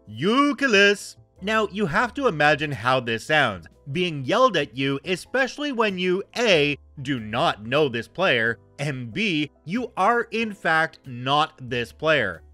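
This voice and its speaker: A man's voice: on the high side, big pitch swings, a little slow, hardly any pauses, pushed and bright, no room sound, faint music behind. A man in his thirties reading online stories aloud and commenting with wry, joking asides. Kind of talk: casual story narration and commentary.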